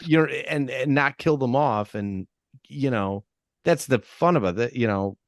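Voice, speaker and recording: A man's voice: medium pitch, a little slow, no echo, clean studio sound. A man co-hosting a podcast, chatting casually about horror movies and restarting his sentences often. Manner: rambling, many restarts and fillers. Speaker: podcast co-host.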